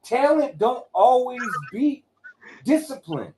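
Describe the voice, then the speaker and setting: A man hosting a casual boxing talk, animated and profane, telling stories with acted quotes. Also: very high voice, measured pace, a crowd in the background. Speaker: host.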